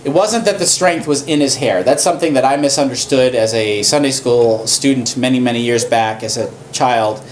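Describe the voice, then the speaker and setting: A man preaching a sermon as a pastor, telling a story with animated, repetitive emphasis. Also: mid-range voice, moderate pace, hardly any pauses, a little hiss or hum. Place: church.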